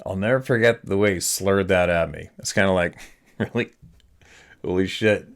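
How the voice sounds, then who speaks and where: A man's voice: low voice, normal speed. A middle-aged man hosting a podcast, casually rambling through his own stories and reading listener emails aloud, swearing now and then.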